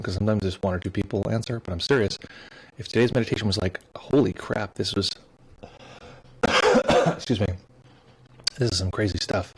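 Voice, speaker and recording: A man's voice: lowish voice, slightly rough, rough recording. A man hosting a meditation livestream in a casual, joking way, reading viewer comments aloud. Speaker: meditation teacher. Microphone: streaming mic with headphones.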